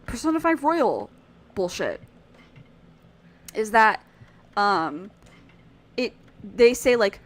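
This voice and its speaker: A woman streaming a video game, chatting in a rambling, animated way and swearing freely. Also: on the high side. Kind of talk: casual gameplay chat.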